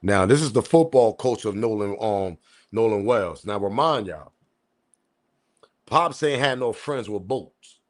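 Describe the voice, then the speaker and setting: A man's voice: fairly low pitch, animated, unhurried. A man from the US East Coast with his accent, hosting a casual live-stream commentary with slangy, loose talk and chuckling asides to his chat. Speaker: commentary channel host.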